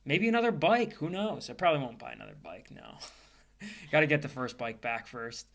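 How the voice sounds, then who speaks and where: A young American man co-hosting a podcast. He talks in a relaxed, laid-back way and leans on fillers. His voice sits at an ordinary middle pitch. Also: fairly quick, vocal fry. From United States. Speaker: podcast co-host. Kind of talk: casual chat.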